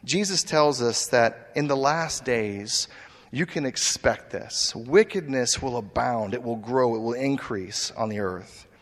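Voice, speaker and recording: A man's voice: mid-range voice, measured pace. A man preaching a sermon as a pastor, storytelling and asking rhetorical questions. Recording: long church reverb.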